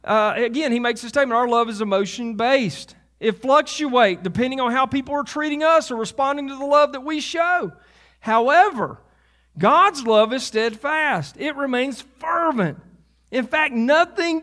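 A man's voice: very high voice, moderate pace, bright, forceful tone. A man preaching a sermon as pastor, conversational, with asides and laughs at himself.

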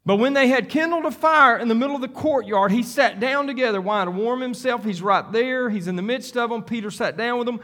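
High-voiced, emphatic male preacher. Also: fairly bright tone. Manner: emphatic and repetitive, preaching on scripture; talks directly to the congregation. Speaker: pastor. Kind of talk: sermon.

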